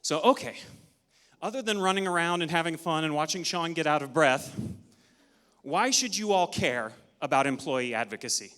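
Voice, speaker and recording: A man giving an energetic, interactive talk at a conference, leading the audience through counts, a little out of breath. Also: fairly high pitch, moderate pace. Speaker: conference speaker. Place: large conference hall. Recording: long hall reverb.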